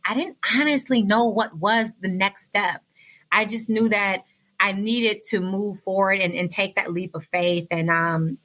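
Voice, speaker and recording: A woman's voice: mid-range voice, bright, forceful tone. A woman guest on a podcast, telling her story with heartfelt energy and speaking straight to the listeners. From United States. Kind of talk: casual interview storytelling.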